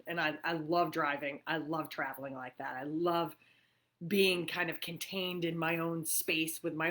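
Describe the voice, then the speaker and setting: Middle-aged woman chatting on a livestream from her living room, a bit low-pitched, lots of uh's and laughs. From New York. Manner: chatty, warm-hearted and laughing often, with many fillers. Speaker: livestream host. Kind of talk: casual livestream chat.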